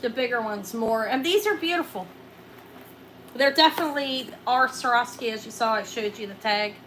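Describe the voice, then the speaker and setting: A middle-aged woman running a live jewelry auction, chatting excitably and counting down each sale. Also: a little high, normal speed, slight background noise, low-quality recording. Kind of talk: live-stream sales chat.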